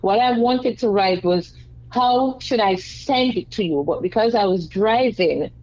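A woman's voice: medium pitch, measured pace, darkish tone. Firm woman caller on a dull line. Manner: firm, insistent, repeats herself. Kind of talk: phone-in call.

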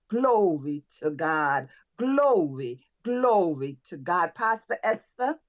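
A woman's voice: mid-range voice, dull audio. A woman leading the close of a church service, fervently exhorting the congregation and repeating praise phrases between lines. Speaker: worship leader closing a church service. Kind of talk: closing prayer and exhortation.

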